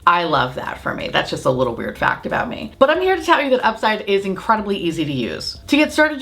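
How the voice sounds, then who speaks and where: A young adult woman talking casually to camera in a sassy, loud and playful way. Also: mid-range voice. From United States. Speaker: makeup vlogger.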